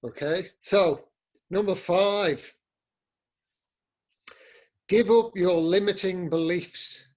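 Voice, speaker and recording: A man's voice: high-pitched, very slow, long pauses, lo-fi sound. A man, teaching a live yoga workshop in a loose, rambling, conversational way with many fillers.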